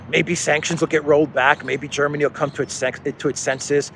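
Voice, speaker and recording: A man's voice: a little high, level tone, a little fast, fairly bright tone, a little hiss or hum. A man hosting an unscripted commentary monologue, talking casually with a sarcastic, exasperated edge and mocking officials. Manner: sarcastic, exasperated, mocks officials in put-on quotes. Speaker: political commentary host.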